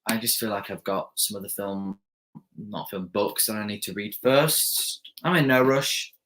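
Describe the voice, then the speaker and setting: A man's voice: on the low side, unhurried, a bit bright. A young man hosting a live stream, reading viewer comments aloud and rambling casually with lots of fillers and restarts.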